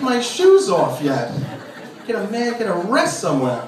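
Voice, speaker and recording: A man doing a stand-up comedy set in a club, complaining about his nagging wife and mimicking her in shrill, exasperated bursts. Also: huge pitch swings, measured pace. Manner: exasperated, shrieking put-upon impressions of his nagging wife. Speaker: stand-up comic. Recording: roomy club from a distant mic, noisy. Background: crowd laughter.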